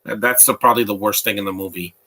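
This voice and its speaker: A man's voice: on the low side, fairly even intonation, fast talker, pushed and bright. A man giving casual live commentary on a movie, rambling and opinionated as he answers his chat. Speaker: live watch-along commentator.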